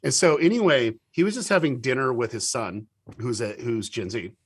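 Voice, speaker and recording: A man of middling pitch chats as an interview guest. He spins anecdotes eagerly, stumbles over restarts and acts out what other people said. The sound is dry and close, with no room echo. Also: normal speed, slightly rough. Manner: animated storyteller with many restarts and quoted dialogue. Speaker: guest, TV show producer. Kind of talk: casual interview talk.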